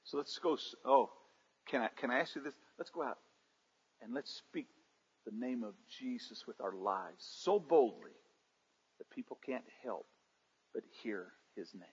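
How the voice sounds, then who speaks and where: A pastor with a slightly rough, mid-range voice preaches animatedly at a normal pace, pausing often and calling for his congregation's responses as his energy climbs and drops. The church sanctuary is reverberant, and the livestream audio is dull.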